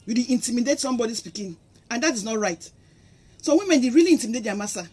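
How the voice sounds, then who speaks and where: Racing through an impassioned, preachy monologue to her viewers, this middle-aged vlogger speaks Nigerian Pidgin English and acts out quotes to camera. Her voice is on the high side, expressive and darkish in tone, and a little hiss or hum sits in the audio.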